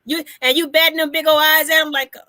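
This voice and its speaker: A woman's voice: sits high, flat delivery, fast, pushed and bright, dry recording, clean studio sound. A woman comedian hosting a casual live chat, brassy and teasing, repeating herself for emphasis.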